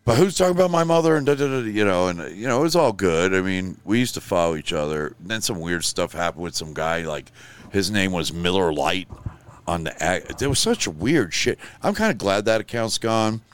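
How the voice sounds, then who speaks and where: An older man hosting his own show, ranting in casual talk and swearing freely, dropping to a mutter and then flaring up loud. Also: sits low, lively intonation, brisk, clean tone. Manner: profane, rambling, swings from mutter to loud outburst. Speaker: show host.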